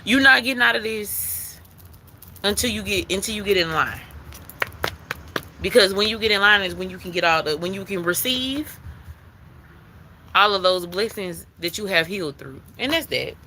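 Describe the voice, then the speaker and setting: Gravelly, bright-voiced woman reading cards. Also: medium pitch, animated, moderate pace, long pauses, slight background noise, rough recording. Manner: emphatic, repetitive, calls listener baby, swears casually. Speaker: intuitive card reader. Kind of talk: spiritual tarot reading.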